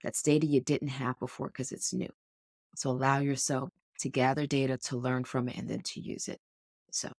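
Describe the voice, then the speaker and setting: A woman's voice: very deep voice, flat delivery, moderate pace, a little mellow, dry recording, studio quality. A woman co-hosting a sports podcast, talking in an earnest, encouraging, coach-like way. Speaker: podcast co-host. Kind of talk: casual podcast chat. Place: indoors, podcast recording.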